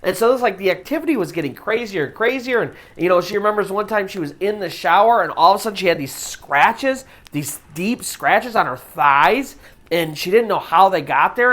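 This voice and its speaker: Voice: medium pitch, fairly bright tone. A storyteller host retelling a true ghost story in a casual, conversational way, full of "you know" fillers.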